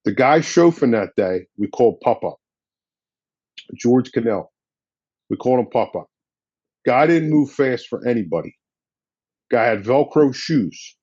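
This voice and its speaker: A man's voice: medium pitch, lively intonation, measured pace, long pauses, a little mellow, no room sound, lo-fi sound. A man, a firefighter guest, telling a story in a blunt, casual way with slang and swearing. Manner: blunt and profane, drops in slang.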